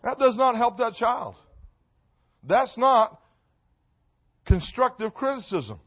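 A man preaching a sermon, repeating key phrases and swinging between quiet asides and shouted emphasis. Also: very high voice, sing-song, slow, breathy edge. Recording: dull lo-fi sound.

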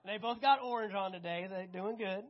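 A woman preaching a sermon, animated and conversational, often asking the congregation questions. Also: medium pitch, normal speed, dull audio.

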